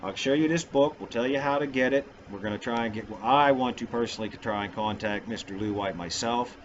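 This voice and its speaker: A man's voice: mid-range voice, a little fast, a little hiss or hum. A middle-aged man talking on his own vlog about faith in a casual, rambling, self-mocking way. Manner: rambling, goofy, self-deprecating. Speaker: vlogger. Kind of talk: casual religious vlog talk. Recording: dull lo-fi sound.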